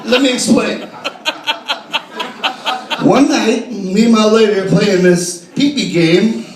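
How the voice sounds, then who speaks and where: A high-pitched man works a bar crowd with a profane, animated stand-up routine and shouts his punchlines. The mic sits a little distant in an echoey room. Loud audience laughter rolls through it. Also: slow. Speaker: stand-up comedian. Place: bar stage with live audience.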